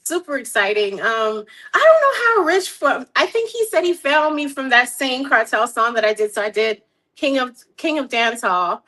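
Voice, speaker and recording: Bright, animated woman with a lilt. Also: high voice, moderate pace. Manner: animated, laughs often, repeats words. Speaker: guest artist. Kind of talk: casual interview chat.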